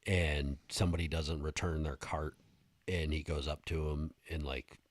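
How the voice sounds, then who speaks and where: A man's voice: a bass voice, level tone, moderate pace, dry recording. A man co-hosting a podcast, telling stories in a casual, profane way on a close mic. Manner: storytelling, profane, laughing. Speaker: podcast co-host. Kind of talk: casual chat.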